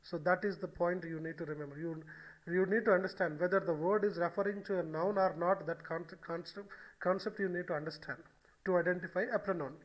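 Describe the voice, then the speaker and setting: A man's voice: high voice, a bit bright, poor audio. A man giving a recorded grammar lecture, explaining step by step and repeating key phrases, with frequent "okay" and "so". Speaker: English grammar teacher.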